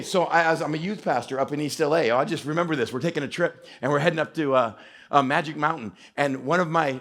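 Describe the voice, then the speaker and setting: A man from West Texas preaching with a high, lively voice that leaps up and down. He tells self-mocking stories and keeps laughing with the young adults in the room, who are called on to join in. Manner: storytelling with self-mocking humor, often laughing. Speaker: pastor. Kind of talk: interactive sermon to a young adult crowd. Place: church meeting hall.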